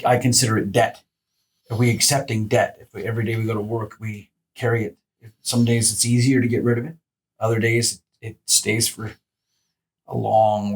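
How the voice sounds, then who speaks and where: A man's voice: on the low side, creaky, husky. A man hosting a podcast, speaking earnestly and searching for his words. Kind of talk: casual conversation.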